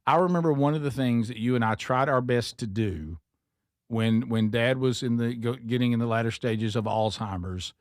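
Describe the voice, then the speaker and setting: A man's voice: medium pitch, normal speed, no echo, studio quality. A man hosting a radio talk show, reading a listener's email aloud and tossing wry asides to his co-hosts.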